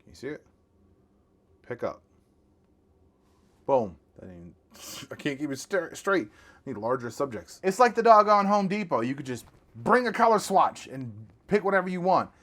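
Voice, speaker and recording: A young man runs a casual gear review from a small home studio. He talks to his viewers in a slangy, excitable way, with a voice of ordinary middle pitch. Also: unhurried, long pauses. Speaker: tech reviewer, channel host. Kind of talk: casual product review vlog.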